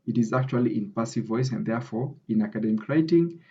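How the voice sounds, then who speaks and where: Talking fast in a dark, mid-range voice, a Kenyan-accented academic writing tutor explains grammar during a screen-recorded lesson. He frequently checks in with "okay?", and the recording is muffled.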